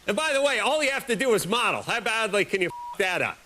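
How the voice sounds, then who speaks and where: A man's voice: sits high, quick pace, slight background noise. A man hosting a late-night show, delivering a rambling, sarcastic comic monologue. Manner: sarcastic, rambling, deadpan jokes.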